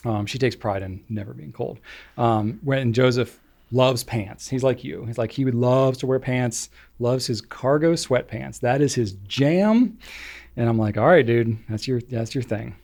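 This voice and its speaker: A man's voice: mid-range voice, normal speed, vocal fry, darkish tone. A middle-aged man co-hosting a podcast, chatting casually and rambling with lots of fillers. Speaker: podcast co-host. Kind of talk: casual chat.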